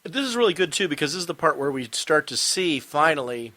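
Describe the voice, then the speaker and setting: A man's voice: fairly high pitch, big pitch swings, brisk, sharp tone, no room sound. A man co-hosting a casual podcast, talking enthusiastically and often restarting his sentences. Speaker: podcast co-host.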